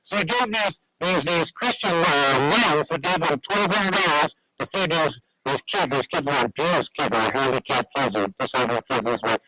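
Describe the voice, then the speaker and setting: A man's voice: fairly high pitch, moderate pace, hardly any pauses, sharp tone, faint music behind, rough recording. A man telling long stories as a guest on a radio talk show, rambling with many restarts.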